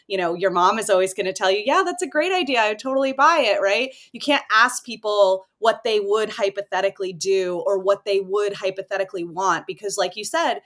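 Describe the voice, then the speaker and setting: A woman hosts a marketing podcast in an easy, conversational way, with a middle-pitched voice. She thinks out loud and builds on her guest's ideas. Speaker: podcast host.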